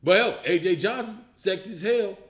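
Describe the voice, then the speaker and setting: High-voiced man ranting loudly, profane. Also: moderate pace, echoey room. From Illinois. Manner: loud, profane, incredulous ranting with laughs. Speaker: comedian host. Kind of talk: animated comedic movie rant.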